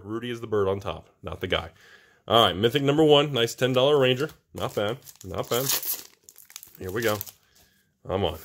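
Lively excited man opening card packs. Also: on the low side. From United States. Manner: animated, swings from hushed awe to whooping excitement. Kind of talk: excited box-opening commentary.

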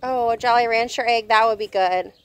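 Woman, high bright voice, cheerful and coaxing, outdoor family video. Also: fairly even intonation, a little fast, a little hiss or hum. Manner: cheerful, coaxing, keeps warning about her plants. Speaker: parent filming kids' egg hunt. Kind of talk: casual family vlog chat. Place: outdoors in a yard.

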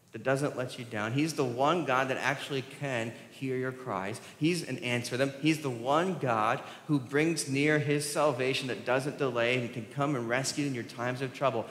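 A man preaching a sermon and telling a parable, swinging from loud emphatic bursts to quiet low lines. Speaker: pastor. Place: church sanctuary. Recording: roomy church hall reverb.

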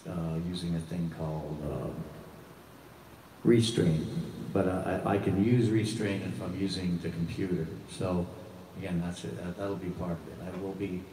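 Deep-voiced man with a Boston accent. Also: warm tone. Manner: rambling, joking, loose and chatty. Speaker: bassist hosting a live music stream. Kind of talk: casual live-stream chat. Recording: echoey room, distant mic, faint noise.

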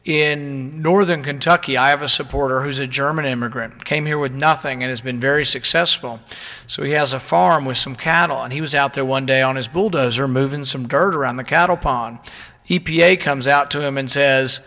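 A man's voice: medium pitch, steady tone, moderate pace, pushed and bright. Indignant man giving a hall speech. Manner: indignant, rhetorical questions to the audience. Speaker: politician addressing a conference. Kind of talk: political speech. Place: conference hall. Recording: long reverb of a large hall.

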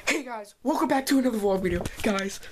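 A woman vlogging at home on a handheld camera, excited and rambling with lots of filler words. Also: on the high side, fast, loud music behind the voice. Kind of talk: casual vlog. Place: indoors at home.

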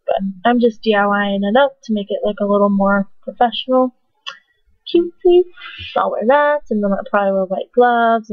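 A woman's voice: medium pitch, no room sound. A young woman vlogging casually at home into a webcam, rambling with lots of fillers and giggly asides. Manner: chatty, filler-heavy, giggly and self-mocking. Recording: dry, tinny phone-like sound.

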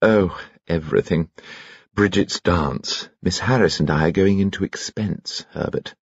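A man's voice: low-pitched, a little slow, husky, dry recording, lo-fi sound, exaggerated voice. A man doing a weary society lady. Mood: fussing. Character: tired, anxious society lady.

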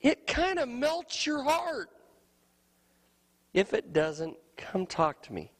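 A middle-aged male pastor preaching a sermon with emphasis, often asking "you know what?" and swinging between loud high phrases and soft low ones. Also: wildly swooping pitch, slow pace, big-room sound.

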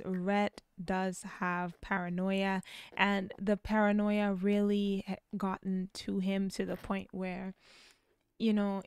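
A woman's voice: mid-range voice, slight background noise. A young woman in casual game commentary, narrating a story-driven life-sim playthrough and chatting to viewers. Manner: chatty, addresses viewers as you guys. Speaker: let's play narrator.

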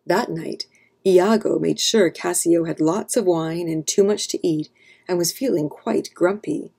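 A woman narrating an abridged classic play as a calm, steady read-aloud story for children. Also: on the low side, unhurried, creaky, slightly rough. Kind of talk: scripted narration.

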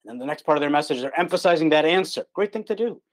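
A man's voice: on the high side, lively intonation, rapid-fire. A man preaching an online gospel sermon in an earnest, emphatic way, repeating his key words for stress. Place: online call.

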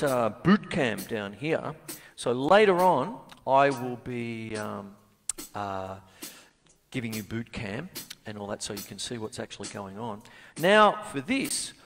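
A man's voice: medium pitch, big-room sound, slight background noise. A man, giving a casual, jokey drum lesson on stage in a venue. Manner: chatty and jokey, laughs often. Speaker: drum teacher. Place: music venue theatre stage. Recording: live drum kit loud behind voice.

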